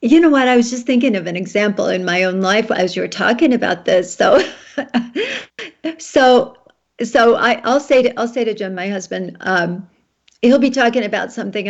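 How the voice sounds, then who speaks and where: A woman's voice: medium pitch, animated, moderate pace, vocal fry, lo-fi sound. A woman hosting a talk show, chatting casually and reacting to her guest. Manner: chatty, backchannels, restarts often. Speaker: radio show host. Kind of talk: casual interview chat.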